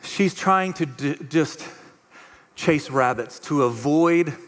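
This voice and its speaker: A man preaching a conversational, animated sermon as pastor, acting out the voices of the people he quotes. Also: a little high, slow, long reverb tail. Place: church auditorium.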